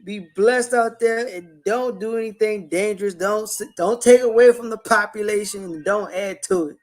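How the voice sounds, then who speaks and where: High-voiced animated podcast co-host man. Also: normal speed. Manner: animated, playful, hyping merch. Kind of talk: casual sports podcast chat.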